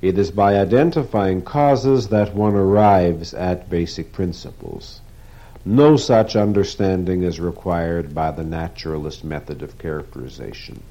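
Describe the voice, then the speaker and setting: Deep-voiced man giving a formal literary lecture. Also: warm tone. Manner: measured, deliberate, formal diction. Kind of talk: literary lecture with read quotations. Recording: dull lo-fi recording.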